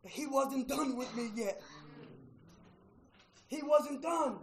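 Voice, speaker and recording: A middle-aged man telling his recovery story to a meeting, emotional, with a preacher-like rhythm, going from hushed to shouting and repeating "man.". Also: extremely high pitch, takes it slowly, reverberant, slight background noise, low-quality recording. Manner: preacher-like, repeats phrases, says "man" often. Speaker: recovery speaker at a fellowship meeting. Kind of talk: personal testimony to an audience.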